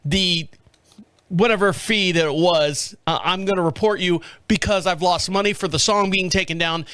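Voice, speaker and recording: Blustering, swearing angry client, high and heated, as a man puts him on. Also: steady tone, normal speed, fairly bright tone, clean tone, no room sound, studio quality. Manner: blustering, profane. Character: angry male client making threats.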